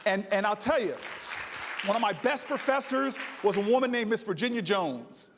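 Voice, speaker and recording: High-voiced American man orating in a reverberant hall. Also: lively intonation, normal speed, crowd noise, background noise. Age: 40s. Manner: preacherly storytelling with rising oratory. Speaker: senator giving a speech. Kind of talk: impassioned political speech. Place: large conference hall.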